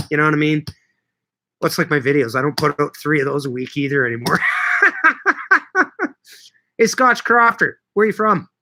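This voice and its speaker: A man's voice: a little high, pushed and bright. A middle-aged man from Canada, hosting a casual livestream and chatting with viewers, joking and swearing casually. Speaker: livestream host and market grower. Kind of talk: casual livestream chat answering viewer comments.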